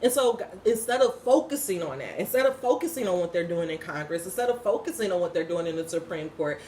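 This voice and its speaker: A woman gives a casual, emphatic inspirational talk, slangy and full of swearing. Her voice sits at a medium pitch. A faint hiss of noise runs behind her. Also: reverberant. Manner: emphatic, slangy, swears freely, laughs often. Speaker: spiritual vlogger and host.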